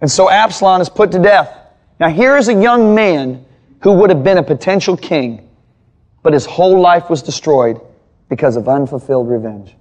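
A man's voice: a little high, lively intonation, normal speed, a little mellow. A male pastor teaching a Bible lesson in sermon style, telling stories with emphatic repetition.

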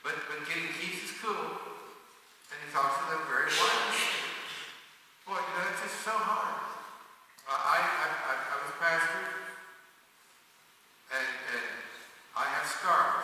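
A man's voice: fairly high pitch, a little slow, pauses often, sharp tone. An older man preaching a sermon as a pastor, telling stories with stammering restarts. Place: church auditorium. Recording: echoey hall, distant mic.

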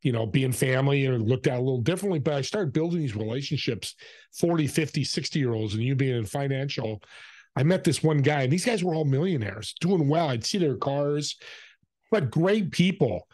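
A man who is a podcast guest, telling an anecdote in an animated way and acting out the people in it. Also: medium pitch, a little fast, no room sound. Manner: animated, acts out the people in his stories. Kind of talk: anecdotal storytelling.

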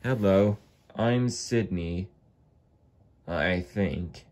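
A man's voice: low voice, darkish tone. A man voicing a forgetful, bumbling male toy diesel engine who speaks hesitantly. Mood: confused. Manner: slow, hesitant, unsure.

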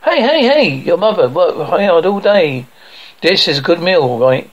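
A man voicing a gruff, short-tempered blue-collar father from a cartoon, scolding in a blustering way. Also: fairly high pitch, measured pace, dull audio.

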